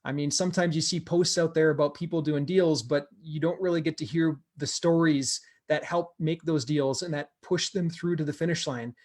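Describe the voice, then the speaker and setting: A man's voice: on the high side, steady tone, moderate pace, hardly any pauses, darkish tone. A man hosting an investing group, telling a member's success story with energy and repeating words for emphasis. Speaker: host of a real estate investing group. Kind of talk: motivational storytelling to camera.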